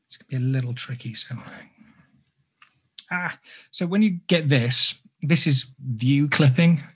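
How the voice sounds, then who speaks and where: A man's voice: mid-range voice, unhurried, a bit bright, husky. A man giving a live sculpting tutorial, chatty and self-deprecating, drifting into jokey asides. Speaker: sculpting instructor.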